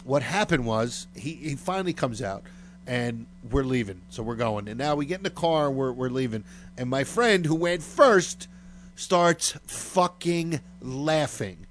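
A man's voice: medium pitch, lively intonation, unhurried. A man telling a long, crude story in casual chat, full of fillers and swearing. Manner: rambling and profane, heavy on fillers.

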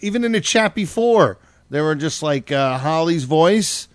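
A man's voice: fairly high pitch, expressive, a little slow, dry recording. A man hosting a podcast, joking loosely and swearing freely in crude casual banter. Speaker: podcast host.

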